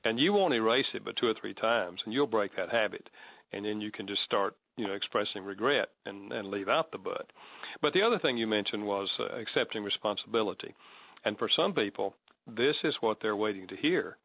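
Measured man explaining in a dry, dull studio. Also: on the low side, creaky, fairly bright tone, no echo. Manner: measured, explanatory, acts out sample apologies. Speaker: guest author on apology. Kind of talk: conversational teaching.

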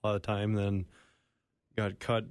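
A man from Minnesota, a studio guest on a radio show, sharing his personal testimony in a halting, self-deprecating way. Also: lowish voice, monotone, dry recording.

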